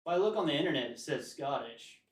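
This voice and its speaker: A man's voice: on the high side, lively intonation, fast. An American man streaming, chatting casually with his viewers and drifting from one tangent to the next. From United States. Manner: rambling, tangent-prone. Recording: roomy echo.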